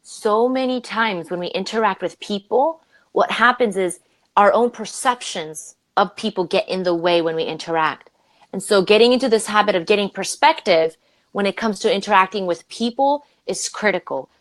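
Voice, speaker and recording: Woman, Romanian-born leadership coach, animated guest storyteller. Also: moderate pace, no room sound, poor audio. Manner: animated, acts out quoted voices with big pitch jumps. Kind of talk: conversational interview storytelling.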